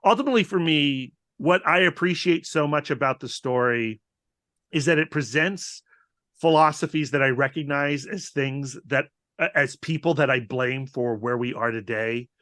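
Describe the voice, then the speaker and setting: A man's voice: mid-range voice, moderate pace, sharp tone, no room sound, clean studio sound. A man co-hosting a podcast over a video call, musing in a reflective, rambling way with frequent restarts. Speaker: podcast co-host. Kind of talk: casual podcast discussion.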